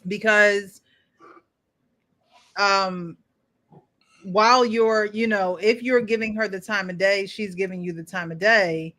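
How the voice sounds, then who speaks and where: A woman's voice: mid-range voice, fairly even intonation, slow, long pauses, bright, forceful tone. A woman hosting a casual panel chat, playful and teasing. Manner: playful, teasing, laughs often. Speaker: host.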